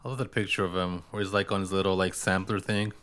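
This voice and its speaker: Casting: young male co-host, lower voice, dry deadpan humor, relaxed. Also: fast talker, clear, resonant tone. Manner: dry, joking asides. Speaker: podcast co-host. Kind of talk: casual chat.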